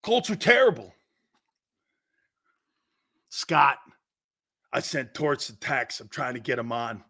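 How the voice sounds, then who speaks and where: A man hosting a sports talk show, brash and excitable, laughing often as he needles his co-hosts. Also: medium pitch, slow, vocal fry. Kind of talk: loud opinionated sports radio talk.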